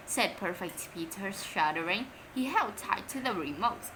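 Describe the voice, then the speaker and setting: A woman reading a children's storybook aloud in English, lively and expressive, Vietnamese native speaker. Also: medium pitch, normal speed, few pauses, a little hiss or hum, rough recording. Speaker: story reader.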